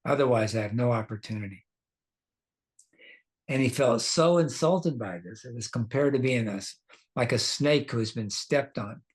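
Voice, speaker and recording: A man's voice: medium pitch, lively intonation, normal speed. A man teaching a scripture class, telling the story casually, laughing now and then and quizzing his listeners.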